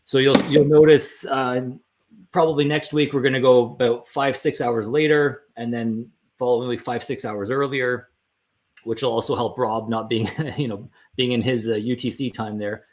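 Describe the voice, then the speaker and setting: A man's voice: medium pitch, steady tone, normal speed. A man, a team member chatting casually on a livestream, friendly and rambling with frequent restarts.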